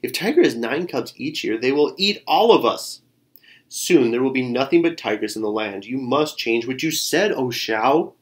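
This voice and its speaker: A man's voice: on the low side, animated, a little fast, vocal fry. A man voicing a clever female black bird who is polite but scheming, in a storybook reading. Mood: alarmed.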